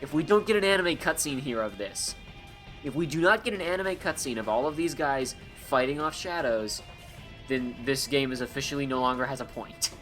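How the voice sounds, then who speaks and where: A man giving let's-play commentary, reading game dialogue aloud and breaking off into joking, sarcastic rambles. His pitch sits in an ordinary middle range. Faint game music plays behind him. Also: expressive, fairly quick, a bit bright. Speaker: gameplay commentator.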